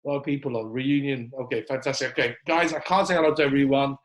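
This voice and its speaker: A man hosting a live online coaching call, casual and upbeat, reeling off greetings with lots of fillers. His voice sits at an ordinary middle pitch. It comes through a video-call connection. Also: steady tone, fast talker, noisy background. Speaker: host.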